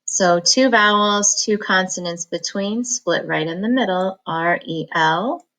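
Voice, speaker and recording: A woman reading teacher giving a phonics lesson, slowly breaking words into syllables and sounds in a patient, encouraging manner. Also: medium pitch, a bit bright, poor audio.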